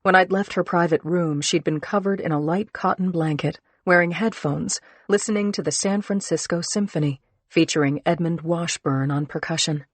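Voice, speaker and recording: Woman audiobook narrator, lowish and dry, measured earnest first-person read. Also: steady tone, dry recording.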